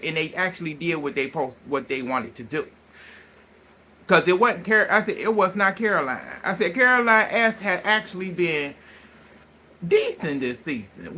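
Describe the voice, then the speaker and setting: Bright, brassy man dishing gossip. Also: sits high, a little hiss or hum. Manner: animated, gossipy, blunt and profane; breaks into laughter while recounting. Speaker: reality show reviewer. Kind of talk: casual recap vlog.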